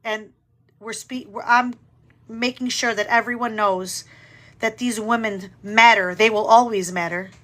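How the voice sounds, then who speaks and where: A woman hosts a live stream and breaks in with emphatic, indignant remarks. Her voice sits a little high. It sounds bright and forceful. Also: steady tone, unhurried.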